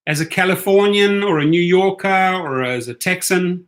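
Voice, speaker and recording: A man's voice: high-pitched, normal speed, hardly any pauses. A man hosting a casual livestream, chatting with viewers in a loose, talkative way and often tagging his points with "right?". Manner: chatty, keeps asking "right?". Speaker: rideshare channel host.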